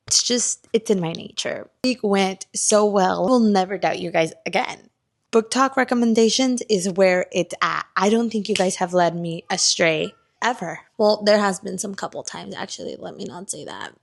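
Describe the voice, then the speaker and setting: A young woman vlogging casually about books she is reading, chatty and animated, swearing freely. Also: mid-range voice, vocal fry, no echo. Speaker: book vlogger. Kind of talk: casual reading vlog chat.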